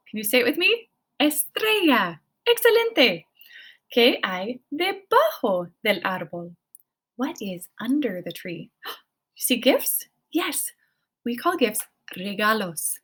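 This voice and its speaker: A woman in her thirties leads a children's language lesson in a fairly high, very lively voice that swoops up and down. She talks in an encouraging, sing-song way and keeps inviting the listener to repeat words after her. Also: husky. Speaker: Spanish teacher.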